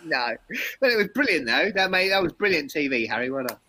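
A man with a bright, forward tone co-hosting a relaxed chat. He banters playfully and then settles into patient explanations of dog behaviour. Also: a little high, fast, a little hiss or hum, low-quality recording. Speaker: dog trainer co-host. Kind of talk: casual live-stream chat.

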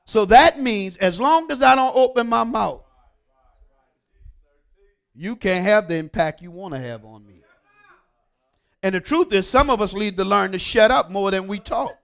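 High-voiced preacher swinging loud and soft. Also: male voice, animated, unhurried, vocal fry, pauses often. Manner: call-and-response preaching, swings from hushed to emphatic. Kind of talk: sermon with scripture reading.

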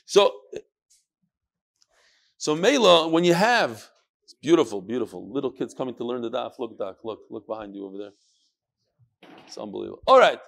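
A man teaching a Talmud class in a lively, questioning manner, sprinkling in Yiddish and Hebrew terms to students in a study hall. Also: medium pitch, normal speed, creaky, long pauses.

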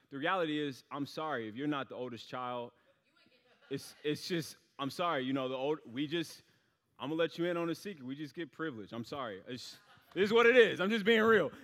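A young man tells a story in his sermon in a loose, rambling way, full of fillers. His voice sits slightly high for a man. A long hall reverb trails each phrase. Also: a bit bright. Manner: casual, rambling, many fillers.

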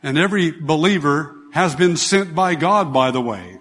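A man's voice: on the high side, expressive, moderate pace, a bit bright. A man preaching a sermon as pastor, emphatic, repeating key phrases and asking rhetorical questions of his congregation. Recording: long hall reverb.

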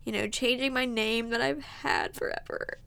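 A woman's voice: fairly high pitch, fairly even intonation, normal speed, vocal fry, a bit bright, clean tone. A woman in her early twenties hosting a podcast, talking in a heartfelt, emotional way, sniffling and close to tears, with many fillers. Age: 20s. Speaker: podcast host. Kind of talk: casual heartfelt monologue.

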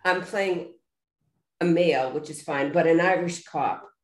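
A woman's voice: sits low, unhurried, roomy sound. A woman chatting and laughing at herself as she recalls her first stage play. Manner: chatty, self-mocking, laughs through stories. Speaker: amateur actor in a community play. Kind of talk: casual reminiscing chat.

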